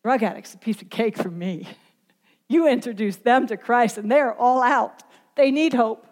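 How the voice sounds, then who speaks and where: A woman preaching a sermon, moving from hushed earnest passages to impassioned near-shouts. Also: fairly high pitch, moderate pace. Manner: impassioned, swinging from quiet to shouting. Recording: long hall reverb.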